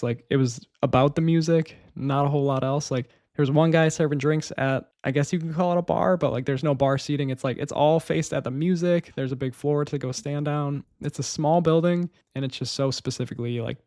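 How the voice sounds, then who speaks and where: A young man talks through his favorite records in a relaxed solo podcast. He rambles eagerly, laughs easily and leans on filler words. His mid-pitched voice sounds close and dry. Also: dry recording. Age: young adult. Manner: enthusiastic, rambling, laughs often, uses "like" and "man". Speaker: podcast host. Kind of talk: casual solo music review podcast.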